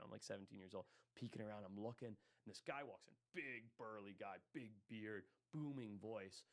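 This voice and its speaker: A man from Zimbabwe, a podcast guest telling a rambling story in a casual way, swearing freely and using lots of fillers. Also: fairly low pitch. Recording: loud music under the voice.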